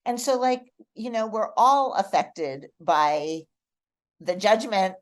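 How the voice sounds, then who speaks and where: A middle-aged woman, a guest on a podcast, telling personal stories in a heartfelt, expressive way. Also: mid-range voice, slow. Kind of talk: casual podcast conversation.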